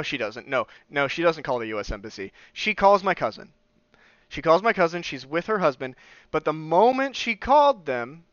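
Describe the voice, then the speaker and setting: Telling a personal story on his podcast, a young man with a slightly high, fairly bright and smooth voice swears a lot and imitates the people he quotes. The casual recording is dry, with a slightly dull lo-fi sound.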